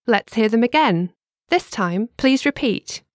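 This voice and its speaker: A woman co-hosting a scripted language lesson, with a clear teacherly delivery that slows down to spell words out. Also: a little high, animated, no room sound, clean studio sound.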